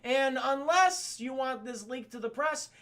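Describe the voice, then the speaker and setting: A man's voice: very high voice, lively intonation, a bit bright, pitched above the performer's own voice, exaggerated voice. A man doing a smug cartoon mob boss. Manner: slow, smug menace. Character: scheming male mob boss, smug and threatening.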